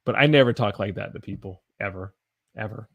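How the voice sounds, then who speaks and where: A man's voice: fairly low pitch, fairly quick, gravelly, dry recording. A man from the Southern United States with a Southern accent, teaching English casually on a livestream, reading viewer comments and demonstrating how he talks. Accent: Southern American. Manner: chatty, reads viewer comments aloud, demonstrates pronunciation.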